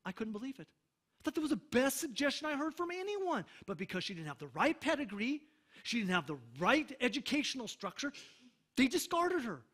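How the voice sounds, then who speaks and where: A man preaching a sermon as pastor, emphatic, slowing down for scripture readings and checking in with the congregation. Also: very high-pitched, big pitch swings, a bit bright, husky.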